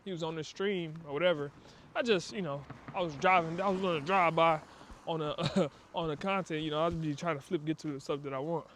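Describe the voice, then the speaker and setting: A man's voice: on the high side, fairly even intonation, a little fast, fairly bright tone, a little hiss or hum. A man giving a casual motivational talk on a walk, emphatic and preachy, with slang and acted-out asides. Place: outdoors on a walk.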